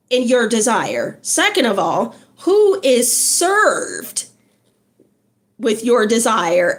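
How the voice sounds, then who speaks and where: High, slow-talking woman livestreamer. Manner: encouraging, chatty, greets viewers by name. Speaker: livestream host. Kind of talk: casual livestream chat.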